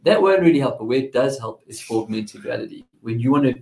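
A man talking excitedly about gadgets in a casual radio chat, explaining with frequent restarts. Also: medium pitch, fast, gravelly, rough recording. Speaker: tech commentator.

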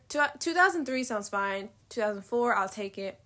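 Bright-voiced young woman, rambling vlog chat. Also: on the high side, lively intonation, moderate pace, few pauses. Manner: rambling, candid, slangy and profane; laughs often, trails off mid-thought. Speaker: vlogger. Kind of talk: casual confessional vlog chat.

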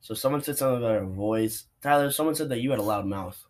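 A man's voice: mid-range voice, fast. A young man co-hosting a casual podcast chat, laid-back and full of "dude" and "bro.". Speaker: podcast co-host.

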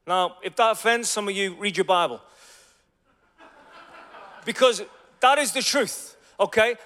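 A man, preaching a sermon as a story, dropping into hushed asides and then bursting out loudly. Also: sits high, in a large hall. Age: 40s. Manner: animated, swings from hushed asides to loud exclamations.

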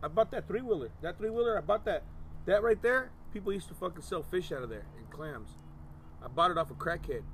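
A man's voice: sits high, expressive, a little fast, a bit bright, a little hiss or hum. A man telling loose, profane stories on a podcast and dropping slang into casual chat. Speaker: podcast host.

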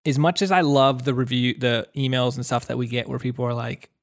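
A man co-hosts a podcast with a mid-range voice. He talks in relaxed chat, full of jokes and teasing toward his partner. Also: medium pitch, fairly quick, few pauses. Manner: teasing, jokey. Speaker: podcast co-host. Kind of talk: casual chat.

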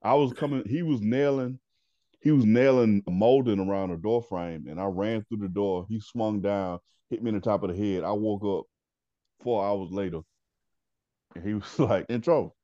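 A man with a low, dark, mellow voice spins laid-back, slangy stories in easy podcast banter. The recording is dry and a little dull, like a lo-fi home mic. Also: moderate pace, dry recording. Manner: laid-back storyteller, slangy, laughs often. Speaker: podcast co-host.

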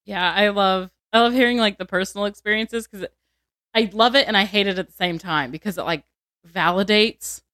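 Brief: woman podcast co-host, mid-pitched, casual, short wry asides, dry mic. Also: brisk, fairly bright tone, no room sound. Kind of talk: casual chat.

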